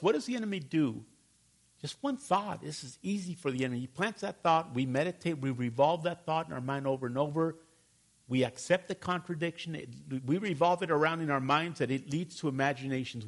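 A male pastor preaching a sermon, animated and calling for responses from the congregation. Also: on the high side.

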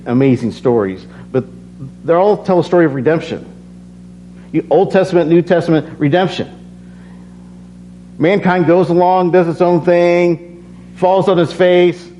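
A tired preacher with a fairly high, mellow voice gives an unhurried, casual yet earnest sermon, reading scripture before sharing personal stories and building by repeating phrases. The recording is slightly dull, with a faint hum.

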